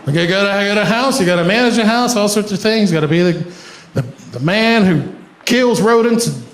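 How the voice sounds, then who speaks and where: Male stand-up comic, high voice, lively storyteller, roomy echo. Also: a little fast. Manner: animated, laughs through his story. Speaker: stand-up comedian. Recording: echoey room with ambient noise.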